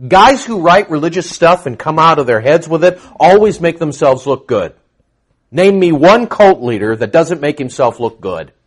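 Middle-aged guy preaching a bible study sermon, kinda high voice, gets loud and fired up then drops soft again. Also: normal speed, slightly rough. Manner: animated, shifts from quiet explanation to loud emphatic outbursts. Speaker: pastor. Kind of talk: expository sermon.

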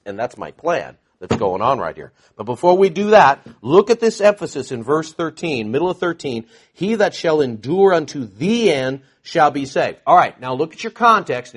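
A man's voice: mid-range voice, expressive, normal speed, few pauses, a bit bright, slightly rough. A man teaching the Bible to a live group in a conversational, sarcastic way, with mocking asides.

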